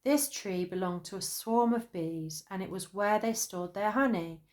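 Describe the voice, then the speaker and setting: A woman narrating a children's storybook in an expressive storytelling manner. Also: mid-range voice, moderate pace.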